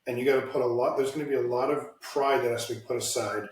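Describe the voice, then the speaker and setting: Blunt, profane male podcast host, mid pitch, recorded off-mic in an echoey room. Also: fairly even intonation, fast talker, distant mic. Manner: blunt, ranting, swears freely. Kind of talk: casual political chat. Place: home room, lives in Washington state. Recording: roomy echo, somewhat off-mic.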